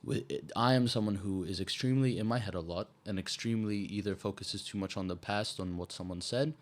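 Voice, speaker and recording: A man's voice: on the low side, a little fast. A man hosting a podcast in casual chat, talking restlessly, jumping between thoughts and swearing casually. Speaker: podcast host.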